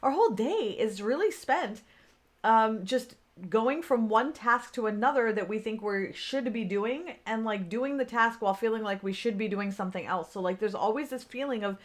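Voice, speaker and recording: On an unscripted livestream, a woman in her forties who works as a business coach chats away at normal speed, using plenty of fillers and welcoming viewers by name. Her voice sits on the high side.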